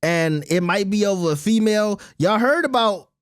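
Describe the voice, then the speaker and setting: A man's voice: high-pitched, lively intonation, normal speed, clear, resonant tone, no echo, clean studio sound. A man hosting his own commentary channel, giving blunt, opinionated takes in a casual rant.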